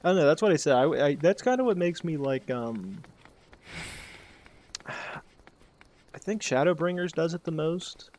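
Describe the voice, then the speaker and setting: A man's voice: a little high, expressive, a little slow, long pauses, a little mellow, a little hiss or hum. A man giving casual game commentary, full of joking, self-mocking asides. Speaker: game streamer.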